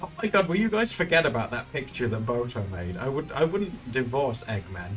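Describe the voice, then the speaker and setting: A man's voice: medium pitch, big pitch swings, brisk, faint music behind. A man chatting casually while streaming his art, rambling and laughing often. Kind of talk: casual live-stream chat.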